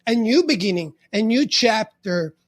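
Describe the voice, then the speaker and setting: Italian-accented man with a high voice. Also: lively intonation. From Italy. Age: 50s. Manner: halting, with many restarts and fillers. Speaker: podcast guest. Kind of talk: casual interview conversation.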